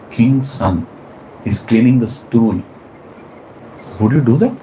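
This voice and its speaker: Animated Indian English spiritual teacher. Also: male voice, medium pitch, takes it slowly, a little hiss or hum, rough recording. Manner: animated, acts out characters, asks the class questions. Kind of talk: class lecture with storytelling.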